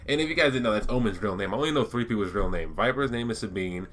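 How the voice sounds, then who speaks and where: A man with a fairly low but bright, forceful voice chats eagerly to his viewers in a casual gaming vlog. He rambles with plenty of fillers, restarts himself often, and keeps the tone loose and excited. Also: quick pace, soft background music. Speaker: gaming YouTuber. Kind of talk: casual lore-talk vlog.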